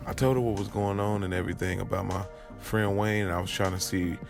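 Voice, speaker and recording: A man tells a first-person story in an audio drama, talking casually and stumbling into restarts. His voice sits low with a gravelly fry. Faint music runs underneath. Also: steady tone. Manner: conversational, halting restarts. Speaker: narrator.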